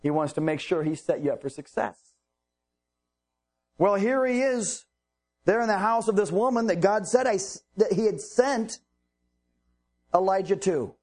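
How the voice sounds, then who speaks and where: A man's voice: sits high, lively intonation, a little slow, long pauses, a little mellow. A man preaching a sermon, reading Bible verses and explaining them earnestly with rhetorical questions.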